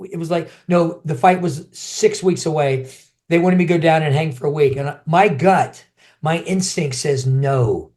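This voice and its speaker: A middle-aged man, a former champion kickboxer, telling his stories in a casual interview, animated, often restarting and acting out other people's voices. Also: a little high, moderate pace.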